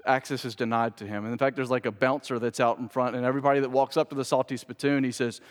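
A male pastor preaches a sermon with emphasis and a humorous streak. He pauses for effect, and his voice sits at a middle pitch. A long reverb from the church hall trails behind him. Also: flat delivery. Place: church sanctuary.

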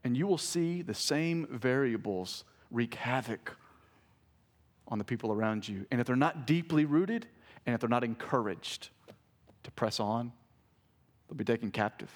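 A pastor preaching a sermon to his church, building to emphatic, rising peaks and then dropping to quiet intensity. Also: medium pitch, lively intonation, a little slow, pauses often. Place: church sanctuary.

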